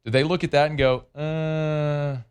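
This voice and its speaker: Male sports radio host, lowish voice, loose talk full of fillers. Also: moderate pace. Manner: conversational, frequent fillers and restarts.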